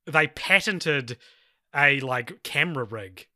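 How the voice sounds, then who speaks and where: A man's voice: medium pitch, slow, no echo, clean studio sound. A man co-hosting a casual film review podcast, telling stories animatedly and acting out quoted lines. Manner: animated storyteller, acts out quoted shouts. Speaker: podcast co-host.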